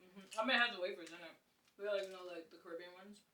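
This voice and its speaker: Casting: young woman, laid-back podcast co-host, bright voice, candid, breaks into big laughs. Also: mid-range voice, quick pace, slight background noise. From Haiti. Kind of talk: casual chat, food tasting. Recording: echoey room, mic at a distance.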